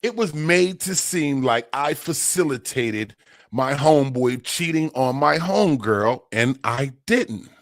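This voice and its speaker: Slangy, animated man telling a story. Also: a little slow, no echo, clean studio sound. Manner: slangy, animated, rises high when excited. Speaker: livestream host. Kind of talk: casual storytelling on a livestream.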